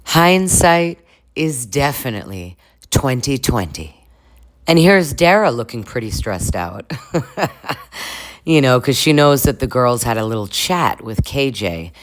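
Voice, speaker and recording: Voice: mid-range voice, big pitch swings, unhurried. Chatty gossiping recap vlogger. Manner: chatty, laughs often between lines. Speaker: reality show recap vlogger.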